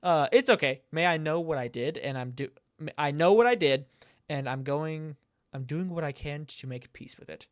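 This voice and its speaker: A man talking through a game he is playing, reading the chat messages aloud in a casual, conversational way. His voice sits a little high for a man and sounds close and dry, with no room echo. He reacts out loud as he goes, laughing and now and then swearing. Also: normal speed. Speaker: let's play gamer.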